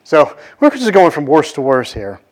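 A man retelling an old scripture story in a loose, conversational way, full of fillers and quick voiced quotes of the characters. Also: a little high, huge pitch swings. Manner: conversational, many fillers, acts out quoted lines. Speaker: bible teacher. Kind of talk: casual storytelling of a scripture passage.

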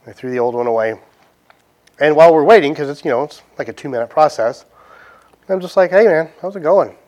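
Southern guy preaching, chatty, lots of questions, mid-pitch voice. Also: lively intonation, fairly quick, darkish tone. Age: adult, past his teens. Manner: conversational, asks many rhetorical questions. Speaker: pastor. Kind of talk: sermon with closing prayer.

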